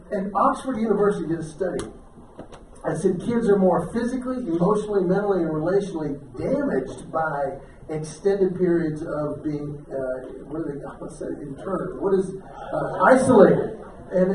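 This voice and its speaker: A man doing a stand-up comedy set, telling folksy stories and throwing quick questions to the audience. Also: sits high, a little mellow, slight background noise. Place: banquet hall with a live audience. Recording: roomy distant audience recording. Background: audience laughter.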